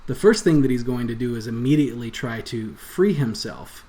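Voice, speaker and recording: A man running a tabletop game as game master, describing scenes and explaining rules in a relaxed way. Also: mid-range voice, moderate pace.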